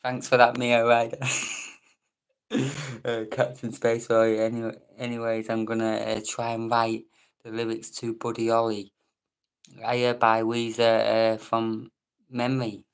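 A man's voice: medium pitch, completely flat delivery, a little slow, clean tone. A British man hosting a late-night live stream chat, joking with viewers and reading out their names, sometimes dropping to a whisper. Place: room at home at night.

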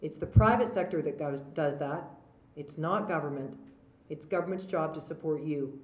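Woman premier at a podium, informal and anecdotal, slightly low voice, roomy hall sound. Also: normal speed. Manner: informal, anecdotal, with fillers and restarts. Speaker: provincial premier giving closing remarks. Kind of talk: conversational speech to a conference. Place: large conference hall. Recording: echoey conference hall.

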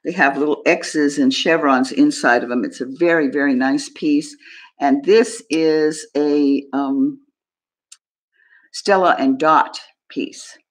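A woman hosting a live jewelry sale stream, describing pieces in a chatty, unhurried way and talking to viewers. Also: sits low. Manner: chatty, describes items slowly, friendly asides to viewers. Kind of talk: casual live-stream selling.

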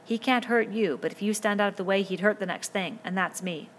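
A woman's voice: mid-range voice, a little fast, slight background noise, lightly acted. A woman voicing an anxious, bookish, plump schoolboy with asthma, speaking earnestly in a raised, worried voice.

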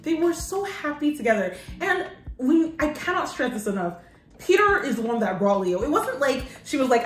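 A woman's voice: fairly high pitch, expressive, moderate pace, roomy sound, faint music behind, rough recording. A woman co-hosting a podcast in casual chat, gushing and laughing often. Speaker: podcast co-host.

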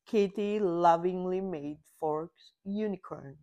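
A woman reading a children's picture book aloud with slow, expressive storytelling. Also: medium pitch. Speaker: storybook reader.

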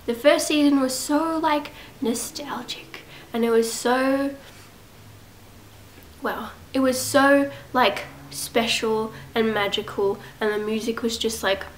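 A woman's voice: a little high, slow, slight background noise, rough recording. A young woman with a cold, sounding congested, chatting casually to her camera at home in a rambling, self-mocking way. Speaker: vlogger. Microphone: camera set up at home.

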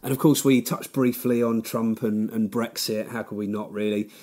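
A man's voice: on the low side, steady tone, normal speed, darkish tone. A man, hosting a podcast in a chatty, rambling way, with lots of fillers and frequent laughter. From Britain. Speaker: podcast host. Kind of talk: casual podcast outro chat.

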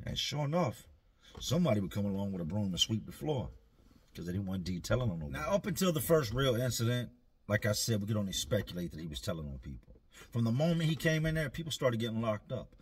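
Husky guy telling a story, chill and slangy. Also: medium pitch. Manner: laid-back, slangy, dry. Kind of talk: casual storytelling.

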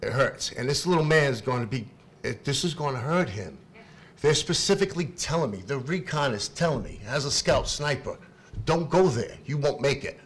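A middle-aged man, speaking up as a parent at a public meeting, halting and repeating himself, then rising to shouting. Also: medium pitch, animated, husky. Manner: impassioned, halting, repeats words, swings from quiet to shouting. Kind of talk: emotional unscripted public comment.

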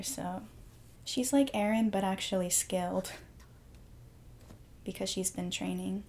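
A woman's voice: medium pitch, a little slow, pauses often, a little mellow. A young woman hosting a live reaction video, gushing and reacting aloud with emotion, often dropping to a whisper.

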